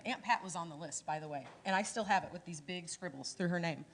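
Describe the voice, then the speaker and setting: A middle-aged woman from Illinois giving a lively, chatty training talk to her sales team, acting out bits of dialogue. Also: lowish voice, fast talker, few pauses.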